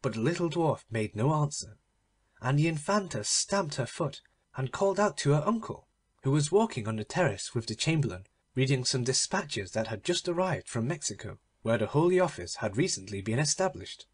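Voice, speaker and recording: A man reading a classic story aloud as an audiobook narrator, with expressive, dramatic delivery. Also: medium pitch, normal speed, breathy edge.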